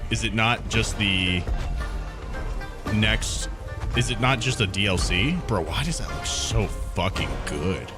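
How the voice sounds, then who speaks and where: Streamer guy reacting to trailers, cusses a lot, slow and low, bouncy voice, music behind. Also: animated. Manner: swears a lot, laughs, exclaims in surprise. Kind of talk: casual reaction commentary. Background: game trailer audio and music.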